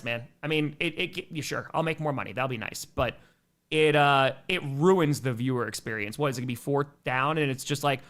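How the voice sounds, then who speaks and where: A man hosting a live sports stream, casually chatting and reading viewer messages aloud with sudden animated outbursts. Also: mid-range voice, a little fast. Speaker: livestream host.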